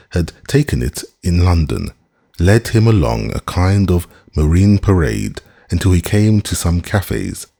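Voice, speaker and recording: A man reading a classic novel aloud as an audiobook narrator, in a measured, expressive storytelling voice. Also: low voice, vocal fry, slightly rough. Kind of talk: scripted narration.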